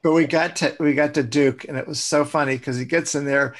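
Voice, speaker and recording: A middle-aged man chatting casually, telling anecdotes in halting, restarting phrases and offering blunt feedback on a demo. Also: on the high side, steady tone. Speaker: colleague giving feedback on a sales demo. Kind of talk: casual chat.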